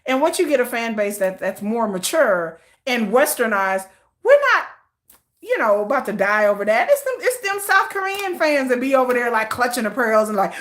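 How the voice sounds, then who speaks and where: A bright, sharp-toned woman chats on a casual livestream. Her pitch sits high and swings widely as she riffs in slang. She laughs often and keeps the talk loose and animated. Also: normal speed. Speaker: livestream host.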